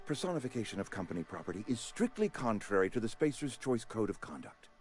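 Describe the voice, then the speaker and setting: A man voicing a pompous male company town administrator in a video game, talking in a formal, ornate and smoothly persuasive way. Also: fairly low pitch, big pitch swings, fast, a little mellow, soft background music.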